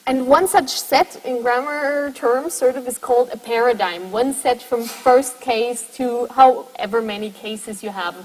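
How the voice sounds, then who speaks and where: High-voiced woman lecturing in a hall. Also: measured pace, few pauses. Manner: explanatory, often checks in with "right?". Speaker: university lecturer. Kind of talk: linguistics lecture to students.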